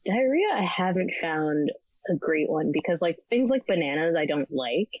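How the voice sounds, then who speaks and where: A woman's voice: sits low, expressive, moderate pace, a little mellow, no room sound, rough recording. A woman guest on a casual podcast, answering candidly and laughing between answers. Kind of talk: casual chat.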